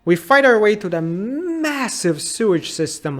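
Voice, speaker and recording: A man's voice: high-pitched, big pitch swings, measured pace. A man in his thirties narrating a comedic game retrospective in a sarcastic, incredulous and exasperated way. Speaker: YouTube game reviewer.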